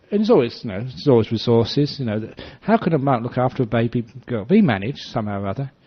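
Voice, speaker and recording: An older man, a Buddhist monk, giving a dharma talk that is full of storytelling, acting out voices with gentle humor. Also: mid-range voice. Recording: slightly dull lo-fi recording.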